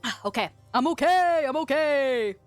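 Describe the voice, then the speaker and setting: Young woman, fairly high voice, casual chat, giggly, reads chat aloud, mouth full of peanut butter, faint music behind. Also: lively intonation, moderate pace, no room sound. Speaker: streamer reading chat.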